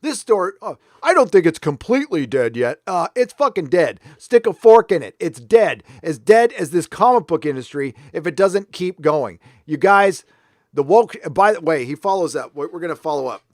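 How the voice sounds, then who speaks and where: A man's voice: high-pitched, expressive, moderate pace, no room sound, studio quality. Ranting American man on a livestream. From United States. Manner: blunt, ranting, swears freely. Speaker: livestream host. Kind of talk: casual commentary livestream. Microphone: headphones on while talking into a desk mic.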